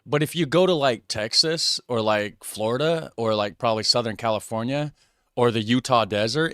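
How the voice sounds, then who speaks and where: A chatty American man reacting to clips for his viewers. His pitch swings up and down as he talks. The recording is dry and close, with no room sound. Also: expressive, normal speed, fairly bright tone, no room sound. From United States. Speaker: reaction video host. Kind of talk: casual reaction commentary.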